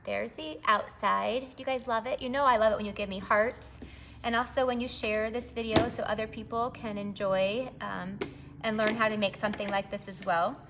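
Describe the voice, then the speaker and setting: A woman's voice: medium pitch, fairly even intonation, normal speed, noisy background. A middle-aged woman, chatty and bubbly, leading a live-streamed papercraft demonstration from her home craft space.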